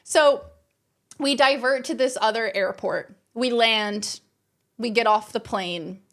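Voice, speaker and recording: A woman streamer telling a story to her live chat in a lively, exasperated way, swearing freely. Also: a little high, takes it slowly. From Australia.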